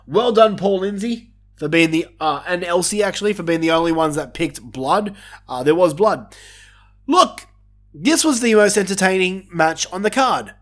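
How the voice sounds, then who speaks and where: A man talks through a wrestling event in a loose, unscripted review. His voice sits a little high for a man, and his delivery is sarcastic and full of casual swearing. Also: expressive, normal speed, a bit bright.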